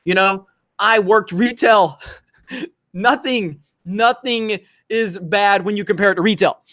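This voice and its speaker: Man, livestream host, fairly high voice, dry close mic, casual profane ranting. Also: slow, fairly bright tone, no echo.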